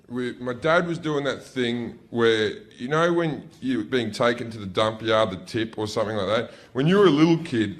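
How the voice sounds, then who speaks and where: A man with an Australian accent telling profane stand-up stories on stage, often breaking into loud yelled impressions of family members. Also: mid-range voice. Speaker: stand-up comedian. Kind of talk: stand-up storytelling. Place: stage before a laughing audience.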